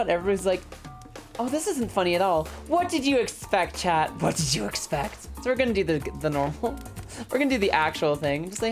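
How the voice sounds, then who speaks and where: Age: adult. Sex: female. Style: excitable, laughing livestream chat. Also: fairly low pitch, brisk, soft background music. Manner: excitable, laughs often, profane. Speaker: streamer. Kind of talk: casual livestream chat while gaming.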